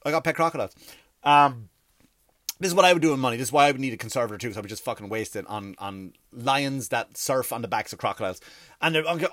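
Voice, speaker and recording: A man's voice: mid-range voice, quick pace, fairly bright tone, no room sound, studio quality. A man doing a rambling, sarcastic comedy rant, full of swearing.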